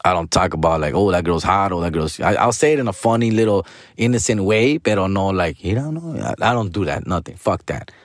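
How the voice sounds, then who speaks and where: A man's voice: deep voice, lively intonation, a little fast, no echo, clean studio sound. A middle-aged man hosting a casual podcast monologue, talking in a slangy, profane, rambling way and mixing in Spanish words. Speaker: podcast host.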